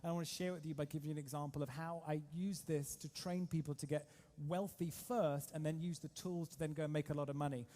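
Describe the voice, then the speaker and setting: A man giving a lively motivational seminar talk as a trading coach, telling stories and quizzing his audience. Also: a little high. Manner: energetic, storytelling, keeps polling the audience.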